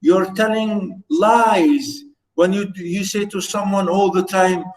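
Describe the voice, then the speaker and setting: A man's voice: high voice, steady tone, takes it slowly, rough recording. A man teaching a poem line by line, explanatory and emphatic, often repeating "you know". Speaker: literature teacher.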